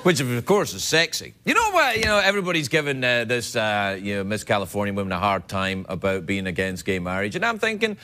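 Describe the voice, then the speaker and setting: A man's voice: lowish voice, big pitch swings, a little fast, few pauses, some chatter behind. A man hosting a late-night talk show, delivering a jokey comedic monologue full of self-mocking asides. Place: TV studio with live audience. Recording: loud studio audience laughter and noise.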